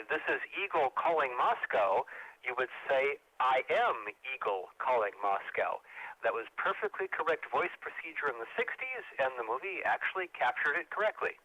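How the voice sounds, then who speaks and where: A male ham radio operator talking on an amateur net, rambling along with lots of "uh"s. His pitch swings widely and his tone is forceful and bright. The sound is close and dry. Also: dry recording, poor audio. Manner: rambling and chatty, with frequent "uh" fillers. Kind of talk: casual on-air chat over amateur radio.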